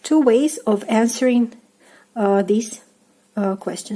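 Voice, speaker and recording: A young woman with a Russian accent, a native Russian speaker, giving a casual online language lesson in a halting way with many fillers and restarts. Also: a little high, dark tone. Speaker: language teacher.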